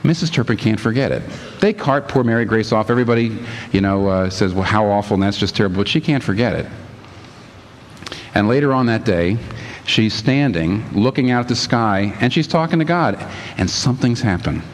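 A man preaching a sermon as pastor, lively and emphatic, reading passages aloud. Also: on the low side, brisk, in a large hall, a little hiss or hum.

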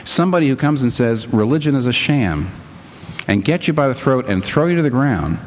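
A man preaching a sermon as pastor, lively and emphatic, reading passages aloud. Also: mid-range voice, quick pace, big-room sound, a little hiss or hum.

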